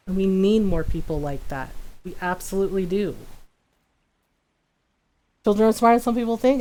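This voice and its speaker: A woman's voice: lowish voice, mellow, low-quality recording. Chatty woman streamer, laughs often. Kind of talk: casual chat while livestreaming a game.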